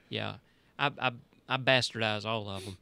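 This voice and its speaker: A man's voice: lowish voice, fairly even intonation, unhurried, gravelly, pushed and bright, smooth, dry recording. A man co-hosting a casual podcast chat, with dry sarcastic remarks. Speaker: podcast co-host.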